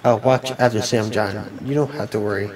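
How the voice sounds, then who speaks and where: A man reading video game dialogue aloud as a let's player, with a halting delivery and frequent restarts. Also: fairly low pitch, slight background noise, poor audio.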